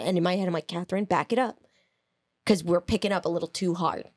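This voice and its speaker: A woman co-hosting a podcast, telling a story in a casual, animated way, laughing, swearing and acting out quotes. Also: on the low side, fairly quick, no echo. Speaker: podcast co-host.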